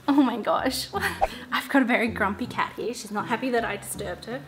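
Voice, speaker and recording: A woman's voice: on the high side, moderate pace, over music. A young woman chatting in a bubbly, giggly way through a casual shopping haul vlog. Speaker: vlogger.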